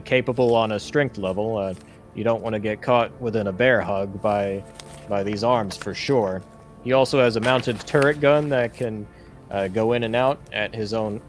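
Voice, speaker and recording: A man's voice: mid-range voice, moderate pace, soft background music, lightly acted. A man playing a polite male handler who explains a robot's weapons in a courteous, hesitant way. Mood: explaining.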